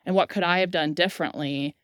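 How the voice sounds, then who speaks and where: A woman's voice: fairly low pitch, steady tone, fast, clean tone, no room sound, clean studio sound. A woman hosting a leadership podcast, talking with an enthusiastic, affirming manner. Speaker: podcast host, leadership expert. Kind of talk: conversational interview.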